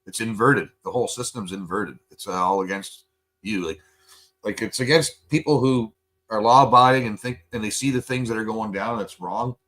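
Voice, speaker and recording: A man's voice: on the low side, moderate pace, a bit bright. A Canadian man hosting a casual podcast chat, ranting heatedly and swearing a lot into a studio mic. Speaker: podcast host.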